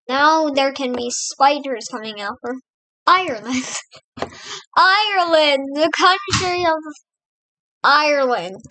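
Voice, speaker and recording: A woman's voice: high voice, fairly bright tone, no room sound, poor audio. An American woman hosting a let's play, giving casual, rambling gameplay commentary and chatting to her in-game pets. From United States.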